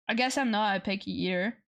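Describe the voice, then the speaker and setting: A woman's voice: mid-range voice, clean tone. A young woman from France, chatting casually with viewers on a livestream, playful and swearing freely. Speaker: streamer.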